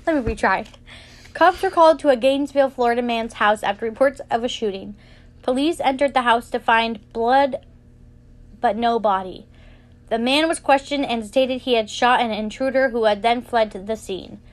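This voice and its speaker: A woman's voice: on the high side, normal speed. A young woman co-hosting a casual podcast, reading trivia and joking in a blunt, giggly way. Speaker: podcast co-host. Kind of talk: casual chat.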